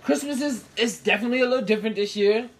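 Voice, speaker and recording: A woman's voice: a little high, racing, a little hiss or hum. A woman, co-hosting a casual chat with blunt, joking, profane banter.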